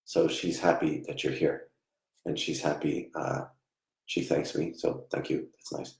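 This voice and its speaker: Very deep gravelly guy doing a live psychic reading, soft and halting, roomy echo. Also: fairly even intonation. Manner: soft-spoken, halting, often trails off quietly. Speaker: psychic medium. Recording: echoey room.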